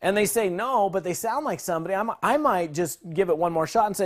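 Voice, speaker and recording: A man walks listeners through a sales phone script with energy and easy, conversational delivery. His voice sits a little high for a man, and he slips into both sides of the calls as he explains. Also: animated, fast, hardly any pauses. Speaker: sales trainer.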